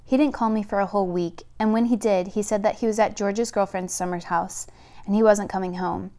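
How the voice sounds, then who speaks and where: A woman reading the lines of a sorrowful older mother who lost her son, speaking low and confidingly. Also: steady tone, a little fast, dark tone, lightly acted.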